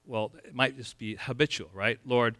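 A male pastor preaching a sermon in a lively, conversational way from California, acting out scenes with playful sound effects. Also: a little high, normal speed, dry recording, clean studio sound.

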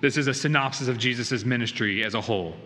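Speaking quickly with a sharp tone, a medium-pitched male pastor delivers an earnest, emphatic sermon full of rhetorical questions. He is in a church sanctuary, recorded in a reverberant hall with faint background noise.

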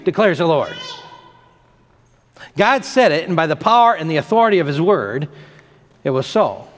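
A male pastor preaches with an animated, emphatic delivery, building on repeated phrases. His voice sits a bit high. A long reverb trails every line. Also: normal speed, long pauses. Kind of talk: sermon.

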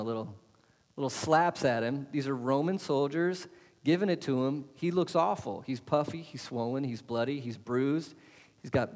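A man preaching a sermon as pastor, putting questions to the congregation and answering them with emphasis. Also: a little high. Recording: long hall reverb.

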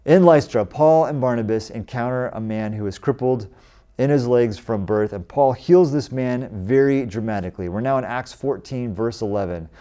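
A pastor from the United States in his forties delivers a sermon conversationally, his voice warm, medium-pitched, and moderately paced. When he quotes scripture, he raises his voice for emphasis.

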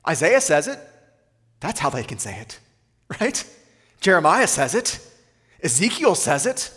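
High-voiced pastor preaching in a reverberant hall. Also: male voice, very animated, a bit bright. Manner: rhetorical questions, slows to read scripture aloud. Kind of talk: sermon.

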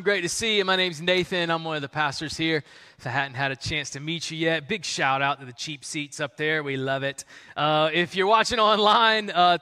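A man preaching to a church crowd in a bright, slightly high voice. He jokes and rambles with lots of "uh" and restarts, animated and conversational. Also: long reverb tail. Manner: animated, joking, many fillers and restarts. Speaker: pastor. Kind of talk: humorous sermon to a live congregation. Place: large church hall with audience.

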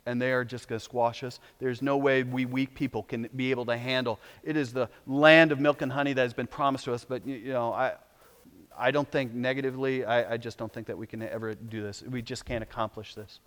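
A man preaching a sermon, swinging between hushed, quiet passages and loud, exhorting ones. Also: medium pitch, flat delivery, fairly quick, long reverb tail. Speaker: pastor.

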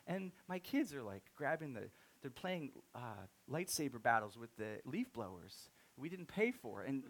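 A man in his thirties preaching a sermon, telling a story and swinging from soft-spoken to loud, excited outbursts. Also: mid-range voice, moderate pace. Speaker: pastor.

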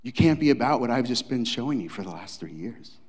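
A male pastor preaching a dramatic sermon, acting out scenes, swinging from loud to hushed. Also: mid-range voice, animated, fairly quick, in a large hall.

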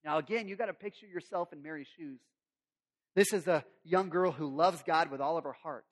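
A male pastor preaches in a relaxed, conversational storytelling way and drops humorous asides along the way. His voice sits fairly high. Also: a little fast. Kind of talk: sermon.

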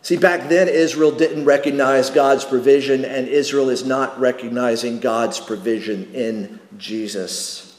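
A man's voice: mid-range voice, a little slow. A man preaching a sermon as pastor, emphatic and repeating key phrases for weight. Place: church sanctuary. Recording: echoey hall, long reverb.

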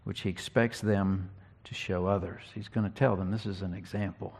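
A man preaching an expository sermon, teaching earnestly and reading scripture slowly with emphasis. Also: sits low, steady tone, a little mellow.

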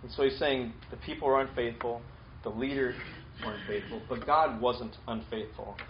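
A man's voice: mid-range voice, fairly even intonation, moderate pace, noisy background. Man preaching a casual sermon, lo-fi sound. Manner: repeats key points, casual fillers and restarts. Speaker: pastor. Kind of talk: conversational sermon.

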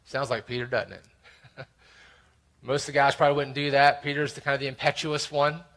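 A man of ordinary pitch preaches an expository sermon to a congregation. He reads scripture aloud and leans hard on key words with earnest, emphatic stress. His delivery is that of a pastor explaining the text verse by verse. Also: little pitch movement, a little fast, a bit bright.

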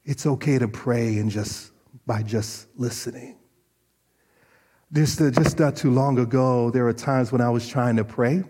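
A man pastor preaching a sermon, animated and storytelling, often restarting his sentences. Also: mid-range voice, a little slow, husky. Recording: long reverb of a large hall.

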